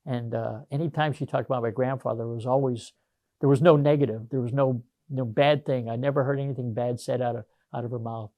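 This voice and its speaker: A man's voice: medium pitch, steady tone, brisk, warm tone, dry recording. Older man, retired Marine, talks in long winding anecdotes; dry, close sound. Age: 60s. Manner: rambling, anecdotal, many fillers and restarts. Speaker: retired Marine gunnery sergeant, interviewee. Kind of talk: casual storytelling interview.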